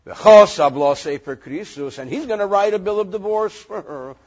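Male rabbi, reading, lively joking lesson; raspy tone and a muffled, low-fi recording. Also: moderate pace. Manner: animated, joking, reads Hebrew verses then translates. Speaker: rabbi teaching Torah.

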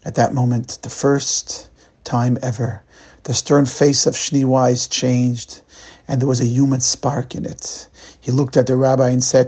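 A male rabbi telling a weekly sermon story in a slow, dramatic way. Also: medium pitch, flat delivery, dark tone, husky.

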